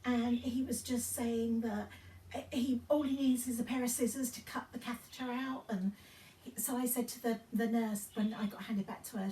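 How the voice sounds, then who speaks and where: A woman's voice: a little high, steady tone, normal speed, mellow, a little hiss or hum. A woman in her fifties chatting casually in a vlog, rambling through her story with many ums and restarts. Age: 50s. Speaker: fashion vlogger. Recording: roomy sound from a distance off the mic.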